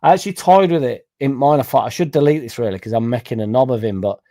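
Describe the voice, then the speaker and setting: Young bloke chatting on his stream, swears a lot, rambles, mellow relaxed voice. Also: mid-range voice, fast talker. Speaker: football fan streamer. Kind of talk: casual livestream storytelling.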